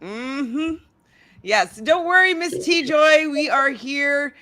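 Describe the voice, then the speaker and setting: Chatty woman host, bright tone, dry sound; casual reality TV recap, giggly. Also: sits high, takes it slowly, dry recording. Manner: chatty, giggly, reads live chat aloud. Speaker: podcast host.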